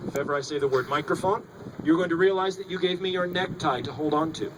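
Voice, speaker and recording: A man's voice: on the high side, fast. A man working as a stage hypnotist, giving commanding, theatrical suggestions and teasing his volunteers on stage. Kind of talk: stage hypnosis show patter. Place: school auditorium stage. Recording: noisy live audience recording.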